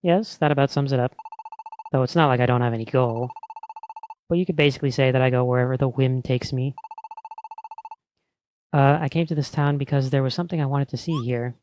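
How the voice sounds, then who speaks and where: A man voicing a cool, aloof female wanderer creature in a measured tone, reading game dialogue aloud. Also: medium pitch, fairly even intonation, a little mellow, a little hiss or hum, close to an everyday voice, rough recording.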